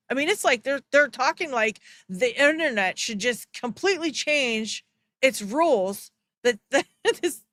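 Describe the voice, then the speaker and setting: Young woman stream host, fairly high voice, dry close sound, blunt and foul-mouthed, scornful rant. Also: a bit bright, no room sound. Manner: heated ranting at chat. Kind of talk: reaction commentary on a clip.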